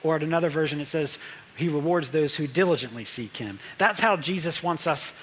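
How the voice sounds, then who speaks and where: High-voiced man preaching a sermon. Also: fairly quick, fairly bright tone, slight background noise. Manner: conversational, repeats phrases for emphasis. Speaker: pastor.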